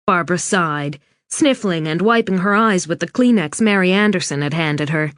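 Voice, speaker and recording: A woman's voice: lowish voice, normal speed, few pauses, no room sound. Woman narrating an audiobook, dry and close. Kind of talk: scripted narration. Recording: dry studio read.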